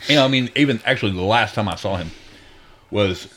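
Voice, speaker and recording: A middle-aged man with a lowish voice tells a story in casual podcast chat. He rambles and keeps restarting his sentences. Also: fast talker, a bit bright, a little hiss or hum. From Texas. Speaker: podcast co-host.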